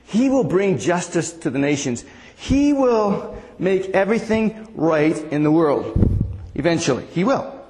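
A man's voice: high voice, sing-song, measured pace, darkish tone, slight background noise. A man preaching a conversational sermon as pastor, asking the congregation questions. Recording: long hall reverb.

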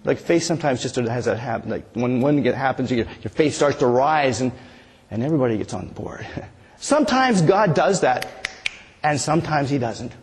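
A man's voice: mid-range voice, expressive, normal speed, darkish tone. 60s guy preaching at church, talks casual with the crowd, big echoey room. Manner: conversational, asks the congregation "right?". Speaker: pastor. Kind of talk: sermon. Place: church sanctuary.

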